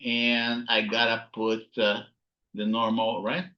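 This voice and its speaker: A man's voice: lowish voice, monotone, slow, muffled recording. A man teaching a physics lesson over slides, thinking aloud and often checking with "okay?" and "right?". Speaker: physics instructor. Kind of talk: recorded lecture with slides.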